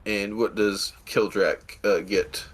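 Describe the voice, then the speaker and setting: Slow, low-voiced man running a tabletop game. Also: fairly even intonation. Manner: hesitant, many fillers and restarts. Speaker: game master.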